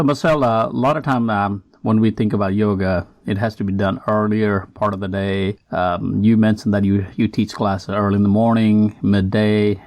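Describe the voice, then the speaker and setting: A man's voice: fairly low pitch, darkish tone, no room sound. Hesitant man hosting a podcast. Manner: hesitant, many fillers and restarts. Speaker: podcast host. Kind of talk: interview questions.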